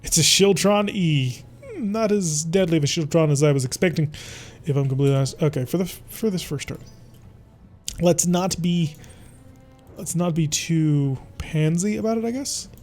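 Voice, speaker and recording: Over soft background music, a man with a high-ish, darkish voice speaks at normal speed while playing a strategy game. He keeps the let's-play commentary playful and theatrical, even talking to his enemies.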